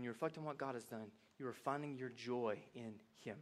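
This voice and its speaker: Male pastor, folksy, animated sermon delivery. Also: brisk, hardly any pauses. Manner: animated, swings from soft reflective lows to loud excited highs; folksy, addresses congregation as y'all. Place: church sanctuary.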